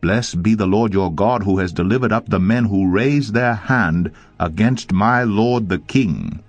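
A man's voice: lowish voice, measured pace, dry recording. Ahimaaz, a man voicing an earnest young runner. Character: eager young male runner pleading to carry news.

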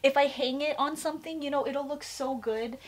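A young woman with a slightly high voice gushes excitedly in a casual vlog chat. She talks in a rush of fillers and little exclamations, showing things off from her home. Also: fairly quick. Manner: gushing, excitable, chatty with many fillers. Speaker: vlogger showing a shopping haul.

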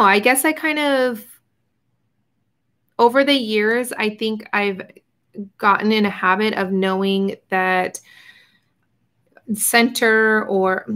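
A young woman hosting an art journaling livestream, chatting casually with viewers while she paints and sometimes trailing off into quiet murmurs. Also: medium pitch, fairly even intonation, takes it slowly, pauses often. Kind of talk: casual live crafting chat.

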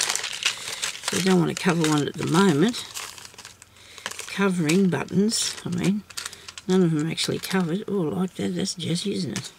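Woman, craft tutorial host, chatty, rambling, gravelly voice, faint background noise. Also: on the low side. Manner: rambling, chatty, thinks aloud while working; laughs softly to herself. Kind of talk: casual crafting tutorial chat.

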